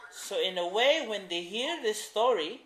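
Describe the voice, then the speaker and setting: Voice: medium pitch, animated, measured pace, a bit bright. A writing teacher giving a patient class explanation, repeating key points. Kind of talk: classroom instruction. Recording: roomy echo.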